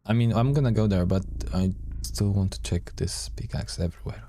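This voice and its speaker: A man's voice: lowish voice, a little fast, mellow. A man playing a game on stream, reading its text aloud dramatically and breaking off with surprised asides. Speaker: let's play streamer.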